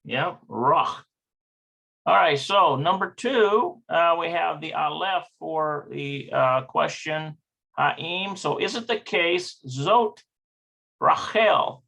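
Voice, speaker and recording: Slow, gravelly man teaching a lesson. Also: on the high side, lively intonation, sharp tone. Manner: hesitant, thinking aloud, checking pronunciations. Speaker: Hebrew teacher. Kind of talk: slow online language lesson.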